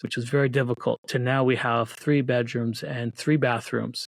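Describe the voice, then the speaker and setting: A man tells his own story as an interview guest, earnest and faith-filled, often restarting his sentences. His voice sits at an ordinary pitch and is recorded close, with a dry sound. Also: flat delivery, normal speed, gravelly, dry recording. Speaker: guest, children's book author. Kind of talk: casual interview talk.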